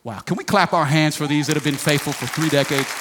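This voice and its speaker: A man's voice: fairly high pitch, quick pace, crowd noise, noisy background. A pastor in his forties preaching a sermon, folksy and emphatic, calling for responses from the congregation. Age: 40s. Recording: long reverb of a large hall.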